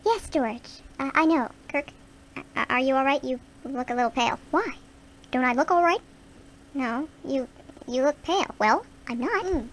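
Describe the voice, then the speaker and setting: A high-pitched woman delivers quick improvised radio-play dialogue, stumbling over her words as she goes. There is a faint hiss in the background. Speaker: radio show creator and performer.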